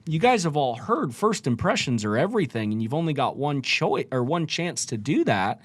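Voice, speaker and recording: A man's voice: a little high, moderate pace, slightly rough, no room sound. Man talking sales on a podcast. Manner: animated, shifts tone up and down to make a point. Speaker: podcast co-host. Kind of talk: casual podcast chat about sales. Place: studio.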